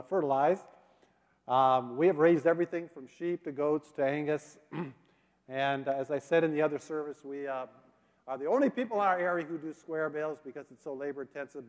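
A middle-aged man giving a sermon as a guest missionary speaker, telling folksy stories with drawn-out fillers. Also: a little high, a little mellow. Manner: folksy storytelling, drawling fillers. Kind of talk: sermon with a joke and slides. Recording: long hall reverb.

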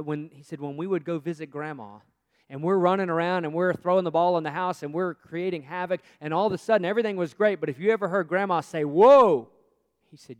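A man preaching a sermon, swinging between loud emphasis and hushed, quiet passages. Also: on the high side, in a large hall. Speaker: pastor.

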